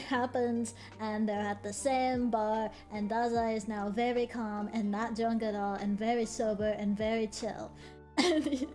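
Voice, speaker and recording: Animated, foul-mouthed young woman streamer. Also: on the high side. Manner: animated, swears freely, quick laughing asides. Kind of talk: casual stream chat, storytelling.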